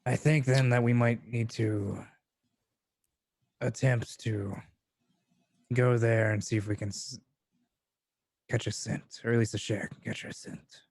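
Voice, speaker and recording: Man planning slowly at a game table. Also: medium pitch, fairly even intonation, gravelly, a little mellow, no room sound, studio quality. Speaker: player.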